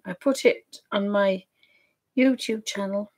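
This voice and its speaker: A woman's voice: mid-range voice, measured pace, darkish tone. Rambling, chatty Yorkshire woman. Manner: rambling, chatty, wandering off mid-sentence. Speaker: craft vlogger. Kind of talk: casual chat to camera.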